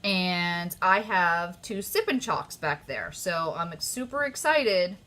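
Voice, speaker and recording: A woman hosting a casual live craft tutorial, chatty and easily excited, often gushing over her work. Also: fairly low pitch, slow.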